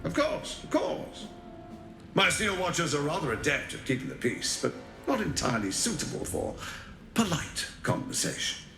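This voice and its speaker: A man's voice: fairly high pitch, sing-song, normal speed, creaky, roomy sound, over music. An actor playing a scheming, self-assured male lord in a video game, polished and courteous. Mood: gracious. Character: scheming smooth-talking male lord, would-be ruler.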